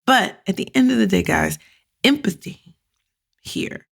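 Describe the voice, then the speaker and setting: A woman with a gravelly, medium-pitched voice hosts a solo career podcast at a moderate pace. She talks casually and bluntly, swears freely, and animatedly acts out her own thoughts with many quoted inner voices.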